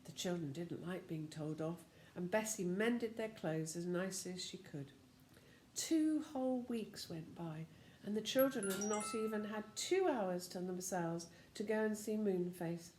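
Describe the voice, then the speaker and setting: An older woman reading a children's storybook aloud as a lively storyteller who talks to the listener. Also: medium pitch, a little slow, roomy sound, a little hiss or hum.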